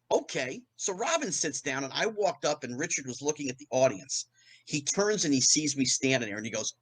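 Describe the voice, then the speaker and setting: A man in his fifties from New Jersey, a guest in an interview, telling a fast anecdote and acting out the quotes with big jumps in pitch. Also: very animated, fairly bright tone, breathy edge, no echo. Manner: fast storytelling with acted-out quotes, rising pitch on punchlines. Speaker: guest, former child actor.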